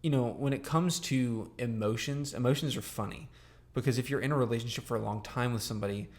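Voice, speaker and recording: A man's voice: medium pitch, fast, a little mellow. A young man co-hosting a podcast, talking casually and rambling with lots of fillers and restarts. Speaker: podcast co-host. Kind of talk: casual chat.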